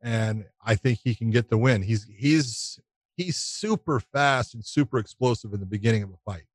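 A man's voice: medium pitch, normal speed, dry recording. Brief: male former ref, casual podcast chat, anecdotal, dry close sound. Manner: relaxed anecdotes with quoted dialogue. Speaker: former referee, podcast co-host.

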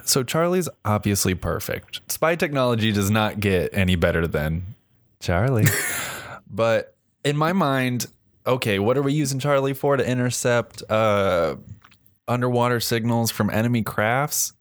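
Animated man joking on a podcast. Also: mid-range voice, a little slow, dry recording, clean studio sound. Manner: animated, laughing storyteller. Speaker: podcast host presenting gadgets. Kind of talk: casual comedic chat.

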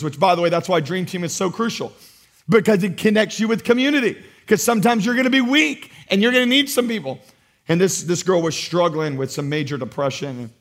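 A male pastor with a voice that sits high preaches a sermon with passion, swinging between loud exhortation and hushed emphasis.

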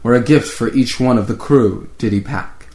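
A man reads a rhyming holiday story aloud with a co-host, trading verses. His reading is lively, and he lifts his voice whenever a character speaks. His pitch sits in the middle of the male range. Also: moderate pace. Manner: lively reading, raising his voice for quoted lines. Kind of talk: alternating rhyming poem reading.

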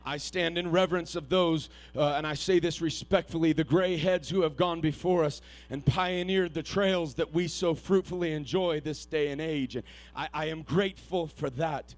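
A man with a fairly high voice delivers an earnest sermon. He tells stories quietly and haltingly with frequent restarts, then rises into loud, shouted exhortation. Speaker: preacher.

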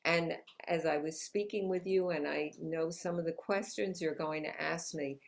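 Here a woman author talks as an interview guest in New York City, keeping things positive and motivational with frequent laughter. She has a low, gravelly voice with a steady tone and moderate pace.

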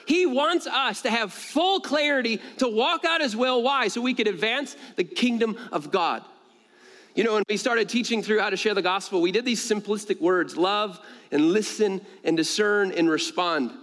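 A man preaching a sermon to his congregation, animated, jumping higher in pitch to stress a point and laughing between stories. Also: normal speed. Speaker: pastor. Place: church sanctuary. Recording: long reverb of a large church hall.

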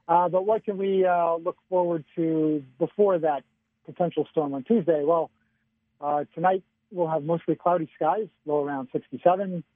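A man giving a casual radio weather forecast by phone, chatty and relaxed, often chuckling. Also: on the high side, moderate pace, no echo. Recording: tinny phone line.

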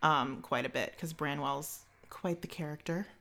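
A young woman co-hosting a casual podcast, her voice a little low and gravelly with vocal fry. She rambles along with lots of fillers and restarts. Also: measured pace, fairly bright tone. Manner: chatty, filler-heavy, frequent restarts. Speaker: podcast co-host. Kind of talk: casual chat.

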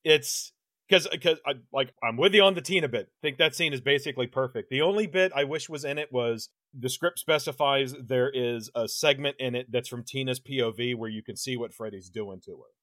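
In a dry recording, a male podcast co-host talks horror films with a medium-pitched, fairly bright voice at a brisk clip. His review chat is loose and lively, full of laughter and sentences he starts over.

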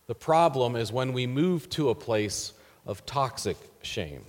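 A pastor delivers a sermon in an earnest, measured way, his phrases trailing off softly at the ends. His voice sits in the mid-range, and the sound carries the echo of a big room.

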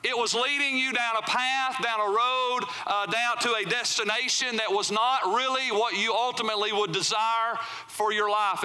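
A man's voice: extremely high pitch, bright, forceful tone. A male pastor preaching a sermon in church, talking conversationally and often asking the congregation "right?". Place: church sanctuary.

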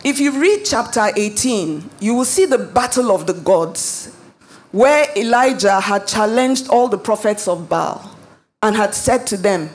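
A woman's voice: medium pitch, lively intonation, measured pace. A woman pastor delivering a sermon, preaching emphatically and building up to dramatic rises.

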